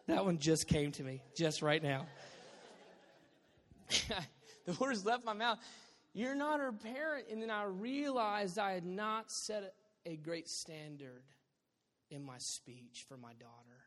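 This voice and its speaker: A male pastor preaches with a high, bright voice that swings from quiet asides to loud bursts. His delivery is lively and humorous. The sound rings with the long reverb of a large church sanctuary. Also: slow. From Southern California. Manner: animated, joking preacher with sudden loud bursts. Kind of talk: sermon.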